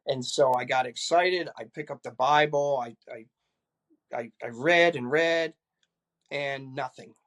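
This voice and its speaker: A man's voice: medium pitch, a little slow, fairly bright tone. An older man, a retired police chief, earnestly recounting personal experiences in a conversation, often repeating words as he goes.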